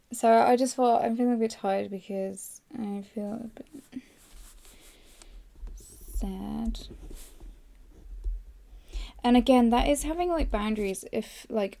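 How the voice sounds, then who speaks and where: A young woman hosting a podcast, hoarse and tired, rambling through a casual live journaling session close to the mic. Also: mid-range voice, mellow. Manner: rambling, filler-heavy, self-deprecating. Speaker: podcast host. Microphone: close microphone.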